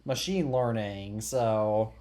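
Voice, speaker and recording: A man's voice: fairly low pitch, slow pace, dark tone. A teenage boy hosting a casual tech podcast, rambling with many restarts and dry sarcastic quips. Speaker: podcast host.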